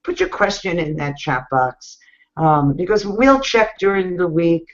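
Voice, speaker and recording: A woman's voice: fairly low pitch, measured pace. Blunt woman coaching over a video call. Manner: blunt, animated, coaching the viewers directly. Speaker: webinar host. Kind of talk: casual motivational talk. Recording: muffled video call audio.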